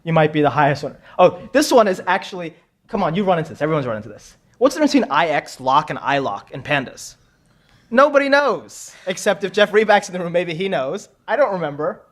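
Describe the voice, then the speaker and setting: A man with a somewhat high voice hosts a quiz for a room full of people. He is chatty and jokey, doubling back on his words as he goes. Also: lively intonation, quick pace. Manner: joking, chatty, repeats himself. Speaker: quiz host. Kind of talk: live conference pub quiz hosting. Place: conference room with audience.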